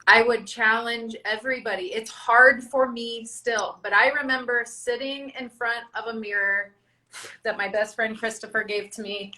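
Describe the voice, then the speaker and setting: A woman's voice: a little high, fairly even intonation, normal speed, bright, forceful tone, rough recording. A woman co-hosting a casual podcast chat, talking in an emphatic, encouraging way and swearing freely. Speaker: podcast co-host.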